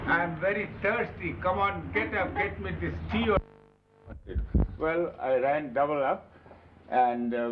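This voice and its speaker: An older man tells lively anecdotes about life with his spiritual master. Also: medium pitch. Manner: lively anecdotal, animated emphasis. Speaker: disciple telling stories of his master. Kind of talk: storytelling reminiscence. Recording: dull lo-fi 1970s videotape.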